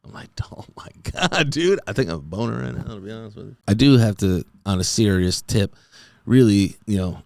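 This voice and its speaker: The voice is deep, smooth and a little mellow, captured in a clean studio with no room sound. It belongs to a man in his thirties hosting a comedy podcast, whose solo monologue is goofy and rambling and full of "dude."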